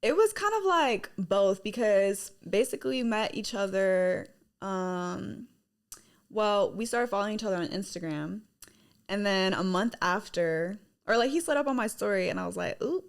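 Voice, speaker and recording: A woman's voice: mid-range voice, expressive, normal speed, vocal fry, clear, resonant tone. A woman in her twenties, a guest on a casual podcast, talking chattily with lots of fillers and giggles. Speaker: guest, singer and model.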